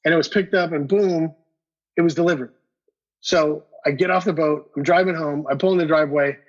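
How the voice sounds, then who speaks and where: Speaking fairly quickly in a fairly high pitch, this guest collector tells a story casually, stammering and repeating words. He animatedly acts out the dialogue, and the podcast recording sounds dull and lo-fi.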